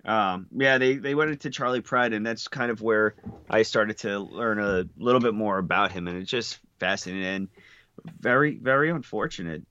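A man's voice: fairly low pitch, moderate pace, sharp tone, highs cut off, a little hiss or hum. A man co-hosting a podcast in casual chat, talking hesitantly with many restarts. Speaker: podcast co-host.

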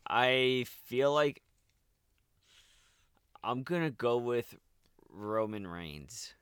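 A man co-hosting a casual podcast who hesitates and thinks out loud before his picks. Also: medium pitch, expressive, drawn-out words, clear, resonant tone, dry recording, studio quality. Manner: hesitant, thinks aloud with ums and sighs. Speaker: podcast co-host. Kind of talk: casual wrestling podcast chat.

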